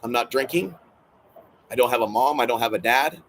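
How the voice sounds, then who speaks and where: Speaking solo into his camera, this vlogger rambles with a brisk, creaky, slightly bright medium-pitched voice on a rough recording with a little hiss or hum. He's agitated, emotional and hurting, cursing and going over the same points again.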